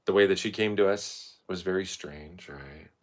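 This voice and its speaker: A man's voice: deep voice, normal speed. A man vlogging in a loose, meandering monologue, swearing freely and filling gaps with "like" and "you know". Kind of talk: rambling casual monologue.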